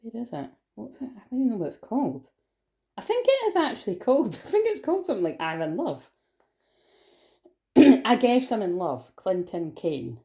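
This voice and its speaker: A woman's voice: mid-range voice, huge pitch swings, normal speed, dark tone. A woman giving a casual, rambling tarot reading, swearing freely and laughing often. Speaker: tarot reader.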